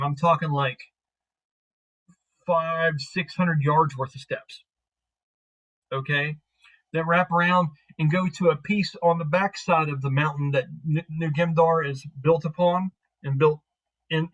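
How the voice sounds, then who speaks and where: Male game master, casual and rambling, voice on the high side. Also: fairly bright tone, poor audio. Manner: casual, rambling with many fillers. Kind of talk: narrating a tabletop game.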